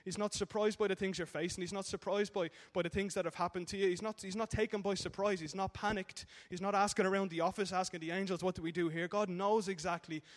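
Fast-talking Irish preacher, high-voiced man. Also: steady tone. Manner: jokey storytelling with frequent "okay?" tags. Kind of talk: sermon. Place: church hall. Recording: echoey hall.

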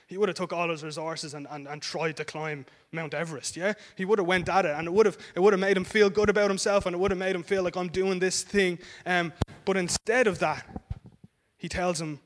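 A man preaching a sermon in a conversational way, often checking in with "yeah?" and restarting his sentences. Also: on the high side. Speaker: pastor.

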